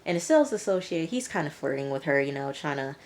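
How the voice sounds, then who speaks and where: A young woman with a notably low-pitched voice talks through a TV episode in a relaxed, chatty recap. She fills her sentences with "um," "like" and "you know" as she goes. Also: fast talker, background noise. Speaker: TV reviewer.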